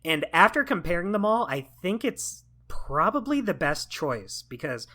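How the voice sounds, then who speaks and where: Podcast guy, kinda high bright voice, gushing opinions, lots of "like". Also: very animated, normal speed. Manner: enthusiastic and opinionated, full of fillers like "like". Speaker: podcast co-host. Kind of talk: casual chat.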